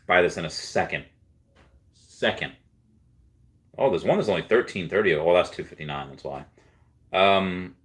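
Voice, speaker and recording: Brief: deep-voiced male streamer, loose rambling chat, reads comments out to viewers. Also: a bit bright. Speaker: livestream host. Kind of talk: casual livestream chat.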